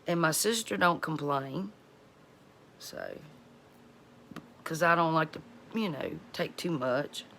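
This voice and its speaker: A woman's voice: low-pitched, lively intonation, takes it slowly, vocal fry, long pauses, fairly bright tone, slight background noise. Folksy woman chatting at home. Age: middle-aged. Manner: folksy and chatty, laughs often. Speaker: cooking channel host. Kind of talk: casual chat to viewers.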